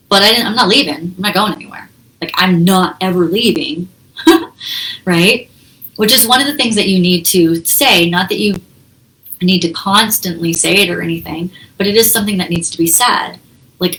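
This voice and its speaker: A woman's voice: on the low side, moderate pace, fairly bright tone, rough recording. A woman hosting a self-help talk, explaining in a casual, conversational way with frequent laughs and quoted examples. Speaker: self-help channel host.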